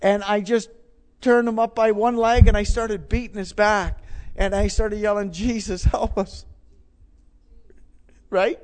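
A man's voice: high-pitched, a little mellow. A middle-aged man preaching, telling a personal story with emphatic, repeated phrases. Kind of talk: sermon testimony.

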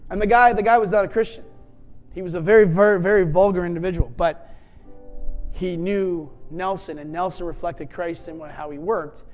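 A man preaching through a story from his own life, jumping into the voices of the people he quotes. His voice sits high for a man, and soft music plays faintly behind him. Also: fairly even intonation, normal speed. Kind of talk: sermon storytelling.

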